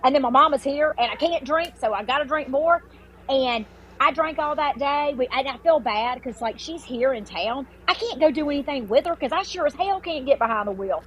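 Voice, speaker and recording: A woman, a podcast guest telling her story in casual talk, animated and swearing freely, with many restarts and fillers. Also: high voice, brisk, lo-fi sound.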